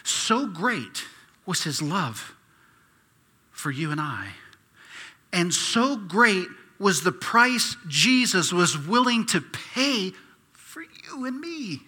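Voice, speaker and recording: A man preaching a sermon as a pastor, impassioned, swinging from hushed asides to loud pleading. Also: high voice, big pitch swings, slow pace, husky, long reverb tail.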